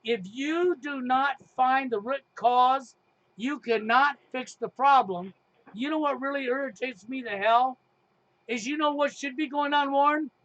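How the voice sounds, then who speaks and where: A middle-aged man hosts a heated talk show in a very high voice. He talks emphatically, with sarcasm and frequent swearing. The sound is dry, with no room echo. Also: unhurried, fairly bright tone, dull audio. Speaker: podcast host.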